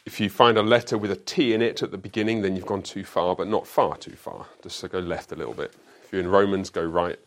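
A man's voice: low-pitched, fairly even intonation, fast, few pauses. A man who is a pastor, teaching a school Bible class in a classroom, explaining emphatically and asking rhetorical questions. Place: classroom with a whiteboard.

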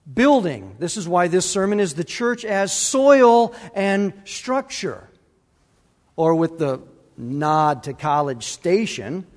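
A male pastor preaching a sermon, emphatic and repetitive, putting questions to the congregation. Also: sits high. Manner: emphatic, repeats key words, asks the congregation questions. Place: church sanctuary. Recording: long reverb of a church hall.

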